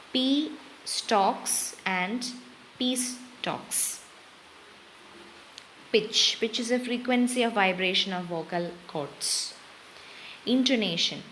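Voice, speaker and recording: A young woman with an Indian English accent teaches an exam-prep lesson at an unhurried pace. She moves steadily from term to term with short pauses, in a mid-pitched voice. A faint hiss sits under the recording. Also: low-quality recording. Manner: slow, steady, listing terms with brief pauses.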